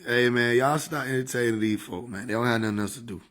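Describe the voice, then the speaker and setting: A man's voice: medium pitch, fairly even intonation, fast talker, a bit bright. Slangy laid-back man on a livestream. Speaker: livestream host. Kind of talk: casual livestream chat.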